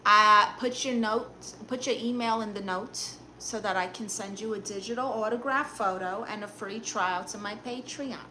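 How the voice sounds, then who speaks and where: A woman's voice: mid-range voice, pushed and bright, a little hiss or hum, natural voice. A woman with a Brooklyn accent voicing a blunt, sassy aunt who reads viewer comments and gives dating advice on a live stream. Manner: blunt, sassy, quick comebacks.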